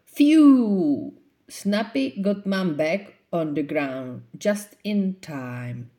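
A woman reading a children's picture book aloud as a storyteller, in a slow, expressive way. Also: deep voice.

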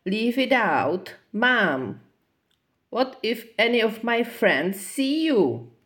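A woman's voice: fairly high pitch, sing-song, takes it slowly, fairly bright tone, voice pushed up, full character voice. A woman reading a storybook aloud, voicing a young boy crocodile who frets and gets embarrassed, in a whiny, fussing way. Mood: complaining.

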